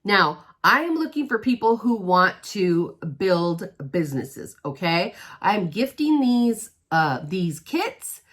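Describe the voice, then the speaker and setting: An upbeat middle-aged woman talks straight to her viewers in a casual sales pitch. Her pitch swings widely as she chats. She keeps checking in with a quick "okay?". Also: very animated, fairly bright tone. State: out of breath. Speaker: direct sales consultant. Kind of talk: casual direct-to-camera pitch.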